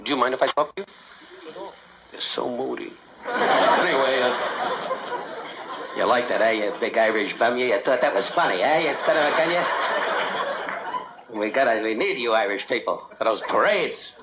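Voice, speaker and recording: A man's voice: mid-range voice, animated, moderate pace, long pauses. A man doing insult comedy stand-up, needling the audience and laughing at his own jokes. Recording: muffled old TV audio with heavy hiss.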